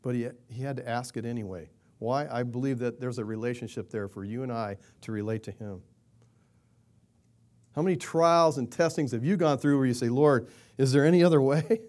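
A man's voice: fairly even intonation, brisk. Conversational male preacher. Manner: conversational preaching with rhetorical questions and restarts; acts out quoted prayers in a louder, higher voice. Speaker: pastor. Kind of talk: sermon.

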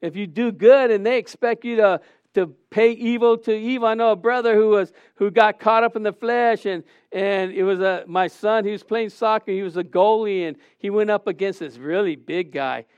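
A man's voice: high-pitched, normal speed, clear, resonant tone, no echo, highs cut off. A middle-aged man preaching a sermon, questioning the congregation and acting out stories.

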